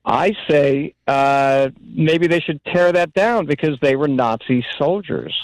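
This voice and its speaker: A man calling into a radio show, halting and hesitant as he makes his point. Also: a little high, dry recording, rough recording. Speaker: caller. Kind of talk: call-in comment.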